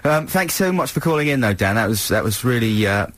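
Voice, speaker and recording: A man's voice: medium pitch, big pitch swings, a bit bright, no room sound. A man co-hosting a radio show, in jokey casual banter. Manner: jokey, quick to laugh. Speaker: radio host.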